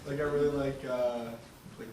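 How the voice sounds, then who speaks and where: A man's voice: mid-range voice, little pitch movement, normal speed, darkish tone, poor audio. A man in the audience giving a hesitant, unsure answer to the comedian. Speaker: audience member.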